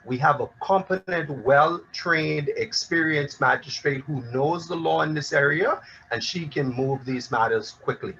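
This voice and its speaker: A man speaking as a panelist in a discussion, in a measured, formal way. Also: a little high, creaky, pushed and bright, highs cut off, a little hiss or hum. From Bahamas.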